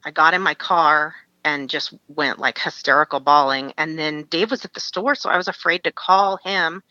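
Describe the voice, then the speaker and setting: A woman's voice: low voice, moderate pace, bright, forceful tone, dry recording, muffled recording. A woman from Alaska, a podcast guest, frankly telling a personal story in an interview and laughing through hard memories.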